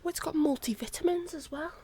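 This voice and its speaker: A woman's voice: high voice, fast talker, dark tone. A young woman chatting casually on a live stream, bubbly and rambling, with a sore throat. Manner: chatty, bubbly, drifts into whispers.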